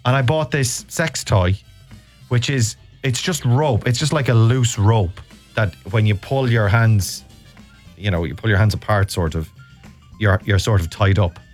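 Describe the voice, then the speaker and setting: A man's voice: on the low side, a little slow, soft background music. A man hosting a radio show, rambling and self-mocking as he chats and bluntly teases callers. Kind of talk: casual radio chat.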